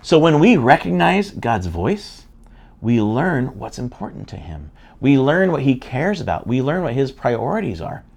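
A man's voice: medium pitch, sing-song, a little slow, vocal fry, darkish tone. A middle-aged man, a pastor, teaching a sermon in an earnest, conversational way with frequent restarts.

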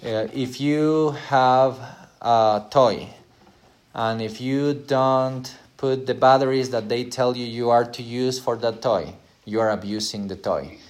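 A man's voice: medium pitch, fairly even intonation, takes it slowly. A middle-aged man preaching a conversational sermon, speaking directly and asking his listeners rhetorical questions.

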